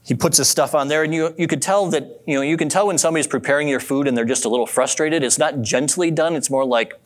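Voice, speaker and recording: A man's voice: fairly high pitch, fairly quick. Man preaching a chatty sermon. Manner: conversational storytelling, asks the listeners questions. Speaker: pastor.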